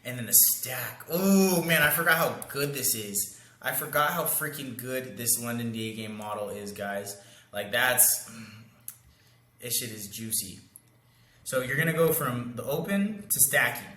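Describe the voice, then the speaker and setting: A man's voice: mid-range voice, lively intonation, a little slow, bright, forceful tone. A young man coaching in a casual, slangy monologue, acting out pickup lines and sound effects. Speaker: dating coach. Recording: echoey room.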